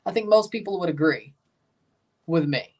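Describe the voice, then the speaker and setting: A man's voice: high voice, moderate pace, darkish tone, distant mic. Southern man chatting through a livestream. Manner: chatty, responding to chat, calls out match minutes. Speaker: livestream host reacting to a soccer match. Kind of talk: casual live watchalong chat.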